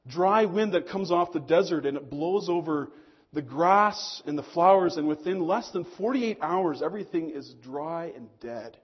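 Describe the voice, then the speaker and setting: A man preaching a sermon to his congregation as pastor, swelling on key lines and dropping low and slow for emphasis. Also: husky, dull audio.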